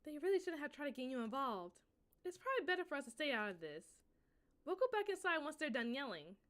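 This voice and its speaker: A woman voicing a calm, composed teen girl club president, reading game dialogue aloud gently and reassuringly. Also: sits high, fast talker.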